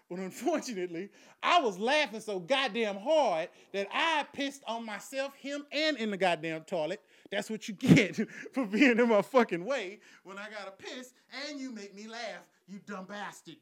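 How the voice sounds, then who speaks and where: Profane storytelling man, high voice. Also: a bit bright. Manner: profane, laughing often, conversational. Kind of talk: crude storytelling monologue.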